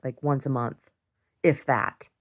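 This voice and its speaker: A woman's voice: extremely low pitch, fairly even intonation, slow. A middle-aged woman venting in a casual video diary, blunt and exasperated, swearing and repeating herself. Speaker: video diarist.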